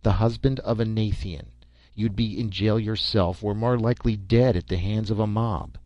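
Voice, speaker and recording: A sharp, dry-witted agent, as a storyteller voices him, calm and measured. His voice is low and close, with a dull, lo-fi sound. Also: no room sound, lightly acted. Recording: dull lo-fi recording.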